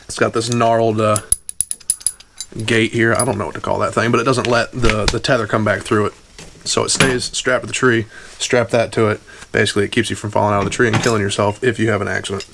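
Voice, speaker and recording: A man's voice: on the low side, flat delivery, fast, vocal fry, noisy background. A young man with an Appalachian accent, chatting casually to viewers while working outdoors in the woods on a head-mounted mic, breathing hard from the effort. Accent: Appalachian Virginia. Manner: folksy, addresses viewers as y'all and boys. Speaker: hunting vlogger. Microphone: head-mounted camera mic without windscreen.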